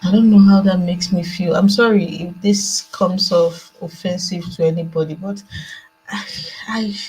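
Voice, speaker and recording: A woman's voice: on the low side, steady tone, normal speed, darkish tone, soft background music, low-quality recording. A Nigerian woman speaking earnestly on a video call from home at night, repeating herself as she works through her thoughts, with a laptop fan running. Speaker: guest joining by video call. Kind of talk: call-in discussion.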